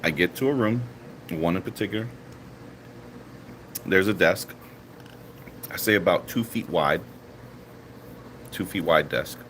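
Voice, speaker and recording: A man's voice: a little slow, long pauses, slight background noise. A man vlogging casually, telling a story from his week and acting out the other people's lines. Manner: animated, acts out quoted dialogue with rising pitch.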